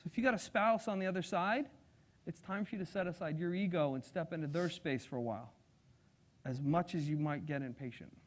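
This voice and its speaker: A man giving a live sales seminar to an audience, energetic and engaging, acting out personality types as he talks. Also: fairly high pitch, fairly quick. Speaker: sales trainer.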